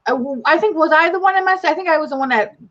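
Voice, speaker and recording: A woman's voice: high-pitched, racing, fairly bright tone, lo-fi sound. A woman guest in a casual live-stream chat, telling stories dramatically and swearing freely.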